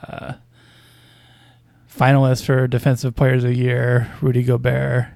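A man's voice: mid-range voice, monotone, a little slow, gravelly, darkish tone, no room sound. A man casually commenting on basketball news as a podcast host, with a hesitant, wry delivery full of fillers and small chuckles.

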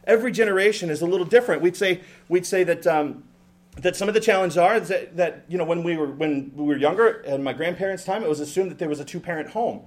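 A middle-aged man preaching a sermon to a congregation, animated and joking, with many restarts and acted-out quotes of parents. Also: high-pitched, fast talker. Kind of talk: sermon with humorous asides.

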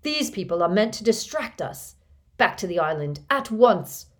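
A woman reading an audiobook, voicing a tyrannical male villain who shouts furious orders. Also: medium pitch, very animated, normal speed, close to an everyday voice.

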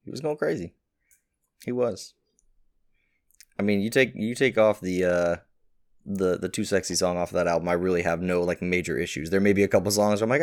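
A man co-hosting a casual podcast chat, rambling with many fillers and getting animated when he jokes. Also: deep voice, fairly quick, long pauses. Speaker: podcast co-host.

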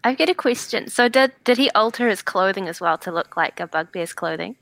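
Bright, lively woman at a game table. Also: mid-range voice, brisk, creaky, no room sound. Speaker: player. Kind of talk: casual play at a gaming table.

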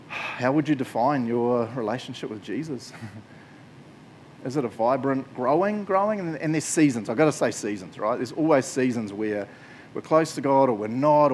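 Chatty Kiwi pastor preaching. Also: male voice, medium pitch, a little mellow, a little hiss or hum, rough recording. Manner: casual, chatty, laughing, lots of fillers. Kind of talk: sermon. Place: church.

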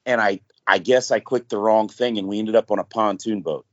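A man's voice: fairly low pitch, fairly even intonation, a little fast. Man in 40s, podcast guest, candid and self-deprecating, lo-fi sound. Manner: candid, self-mocking storyteller. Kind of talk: casual chat. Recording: dull lo-fi podcast audio.

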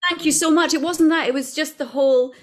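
A woman with a Scottish accent, a voice actor chatting as an interview guest, self-deprecating and quick to laugh, with halting restarts. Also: high-pitched. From Scotland. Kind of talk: casual interview chat.

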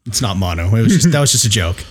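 A man's voice: fairly low pitch, big pitch swings, very fast, husky. Man chatting casually about tabletop gaming. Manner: conversational, many restarts and "sort of". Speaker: podcast co-host.

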